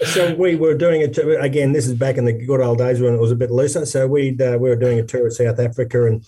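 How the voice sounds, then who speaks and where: An Australian man spins a tour story in casual chat, his voice warm and mellow. He talks with lots of restarts and builds the yarn with energy. He sounds set back a little from the microphone. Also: medium pitch, fast talker, distant mic. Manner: animated anecdote teller, many restarts. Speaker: former rugby player, guest.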